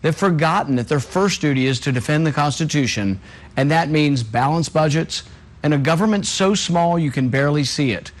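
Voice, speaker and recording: A man's voice: on the high side, expressive, moderate pace. A man, a presidential candidate, reading an earnest scripted campaign greeting.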